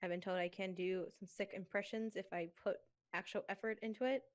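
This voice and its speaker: A woman's voice: mid-range voice, steady tone, brisk. A young woman co-hosting a casual chat who laughs and giggles often. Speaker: podcast co-host.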